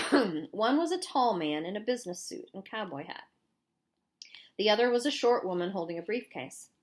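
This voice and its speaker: A woman narrating an audiobook in a clear, even storytelling voice. Her pitch sits mid-range and the reading moves along at an ordinary pace. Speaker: audiobook reader. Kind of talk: novel read aloud.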